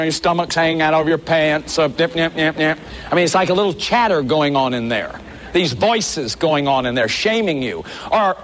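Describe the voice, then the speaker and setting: A man's voice: sits high, fairly bright tone. A man leading a workshop, lecturing an audience in an earnest, emphatic way, often stopping to say "see". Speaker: workshop leader.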